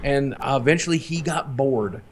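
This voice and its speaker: A man's voice: mid-range voice, moderate pace. A man, a podcast co-host telling a long candid story in casual, rambling, profane talk.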